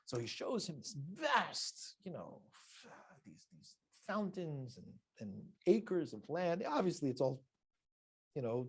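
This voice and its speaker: Rabbi guy teaching a lesson, animated storyteller, chuckles a lot, middle voice. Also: mid-range voice, breathy edge. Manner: animated storyteller who laughs between lines.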